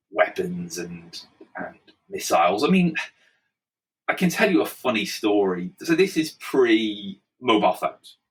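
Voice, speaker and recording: A man with an Irish accent, a guest telling anecdotes in an animated, laughing way. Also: lowish voice, distant mic, low-quality recording. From Ireland. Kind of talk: storytelling in conversation.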